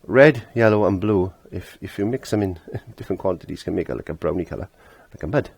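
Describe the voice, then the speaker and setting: Low-voiced chatty man teaching painting. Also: expressive, fast, gravelly, a little mellow, breathy edge, no room sound. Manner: chatty, laughs at himself, trails off while concentrating. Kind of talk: casual painting lesson.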